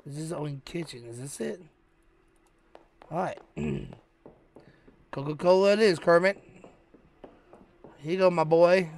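A man's voice: fairly high pitch, unhurried, creaky, long pauses, darkish tone, faint music behind. A man hosting a gaming channel, giving hyped, slangy, joking commentary while he plays a horror game. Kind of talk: let's-play commentary.

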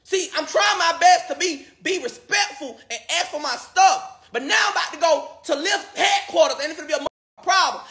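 A man with a high, bright, edgy voice rants and begs his viewers to share his video. He swears freely and circles back to the same pleas again and again. The room around him rings with echo. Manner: pleading, repetitive, swearing. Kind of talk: livestream rant. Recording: echoey room.

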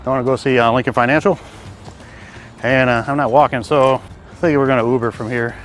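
A man's voice: medium pitch, steady tone, a little fast, faint music behind. Chatty middle-aged man from Detroit. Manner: chatty, self-deprecating, often winded. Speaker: vlogger. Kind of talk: casual travel vlog. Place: outdoors in a city, by stone steps. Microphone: handheld compact camera.

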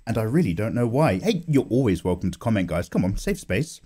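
Animated, mellow-voiced man. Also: fairly low pitch, brisk, husky. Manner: animated and self-mocking, swearing and laughing. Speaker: art YouTuber. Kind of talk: casual chat while drawing. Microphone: condenser microphone.

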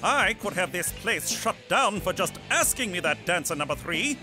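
A smug federal agent in an adult cartoon, his fairly high voice rising and falling as he moralizes and then slyly angles for favors. Background music plays underneath. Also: animated, normal speed. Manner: smug, self-righteous then sly. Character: smug federal agent, sleazy rule-bender.

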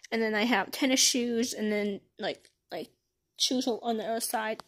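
A teenage girl vlogger, her voice on the high side, gives a casual tour of her bedroom. She rambles with lots of fillers and restarts, and it's filmed on a handheld phone camera.

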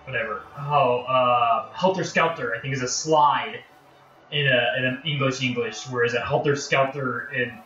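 While live-streaming a game, an American man with a Northern accent chats and rambles, poking fun at himself and getting sidetracked easily. His mid-range voice moves at a normal pace with a bright, forceful edge. He sits far from the mic in a roomy space, with music behind, lo-fi sound, and slight hiss or hum.

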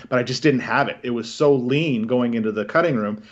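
A man's voice: medium pitch, brisk, hardly any pauses, muffled recording. A man with a Canadian accent, a film director, talking casually in an interview and rambling with many restarts.

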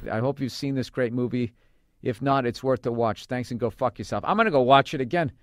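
A man's voice: medium pitch, a little fast, dry recording, clean studio sound. A man hosting a podcast, reading listener emails aloud with profane, sarcastic asides. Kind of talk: casual podcast chat.

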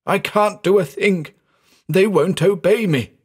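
A man doing a frantic, husky terrified man. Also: sits high, a little slow, pitched above the performer's own voice. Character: man haunted by unseen horrors, frantic.

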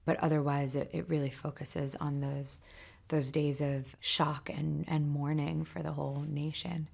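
A woman speaking in a thoughtful, halting way with restarts, giving a promotional interview soundbite as a film crew member. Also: low-pitched, flat delivery, gravelly, darkish tone, breathy edge.

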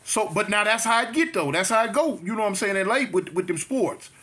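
A man's voice: high-pitched, animated, a little fast, pushed and bright, breathy edge. A man in his fifties from South Central Los Angeles, telling a story to his channel in a chatty way, with repetitions and street slang. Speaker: vlogger. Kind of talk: storytime monologue.

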